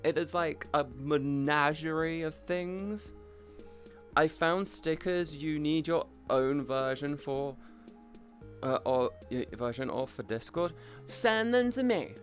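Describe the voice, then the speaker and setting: A man's voice: on the high side, fairly even intonation, slow, soft background music. A young British man streaming from home, rambling casually and chatting with viewers, now and then swearing. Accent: British English. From Britain. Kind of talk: casual live-stream chat.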